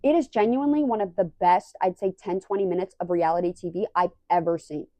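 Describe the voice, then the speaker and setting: A young woman casually recapping a reality show, animated and acting out the quoted lines. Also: fairly low pitch, quick pace, no echo. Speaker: recap vlogger.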